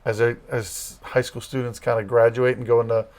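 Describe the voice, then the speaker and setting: Male campus minister, casual interview guest, mid-pitched, explains plainly and conversationally. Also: brisk. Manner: explains step by step in a relaxed, conversational way.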